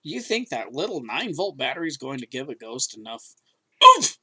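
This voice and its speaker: A man's voice: mid-range voice, big pitch swings, brisk, fairly bright tone, breathy edge. A man co-hosting a podcast, talking in an emphatic, rambling way with many restarts. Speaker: podcast co-host. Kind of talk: casual chat.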